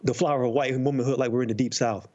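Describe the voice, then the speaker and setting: A man's voice: medium pitch, fairly even intonation, fast, darkish tone, lo-fi sound. A man on a political panel, talking in a conversational, amused way. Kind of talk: casual political commentary.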